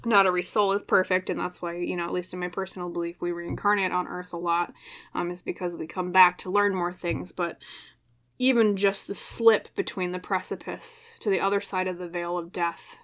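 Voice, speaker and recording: Young female tarot reader, emotional and halting, speaks low with a flat, even delivery. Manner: soft, hesitant, many fillers and restarts. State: choked up, emotional. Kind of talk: pick-a-card tarot reading to camera.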